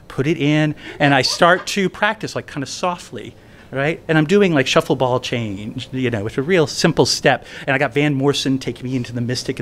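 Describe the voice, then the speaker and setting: A man's voice: medium pitch, fairly bright tone. A man telling a funny personal story at a live event, chatty and conversational, often asking "right?". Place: event venue indoors.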